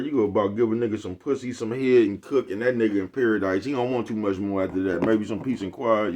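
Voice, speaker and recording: A man with a very low voice talks straight to his audience in a casual, meandering monologue. He is slangy and profane, laughs softly between thoughts, and keeps checking in with the same repeated phrase. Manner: repeats a catchphrase, chuckles often, slangy and profane. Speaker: YouTube host. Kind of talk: casual rambling monologue to viewers.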